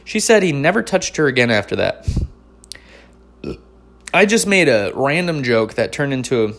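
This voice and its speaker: A stand-up comedian man from North Carolina telling a long personal story, swearing often and swinging between loud outbursts and mumbled asides. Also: medium pitch, sing-song, moderate pace. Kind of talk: profane comic storytelling.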